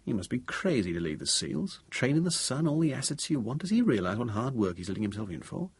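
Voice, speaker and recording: A man voicing a brisk, sympathetic male army friend who talks in a breezy, inquisitive way. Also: medium pitch, very animated, breathy edge, no echo, voice pushed up.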